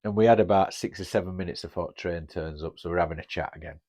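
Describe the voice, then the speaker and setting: A blunt, chatty man in his fifties with a broad Northern English accent, spinning a casual travel tale for his podcast. His voice sits fairly low, and he drops the odd swear word without a second thought. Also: fast, mellow. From Northern England. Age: 50s. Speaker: podcast host. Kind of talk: casual storytelling.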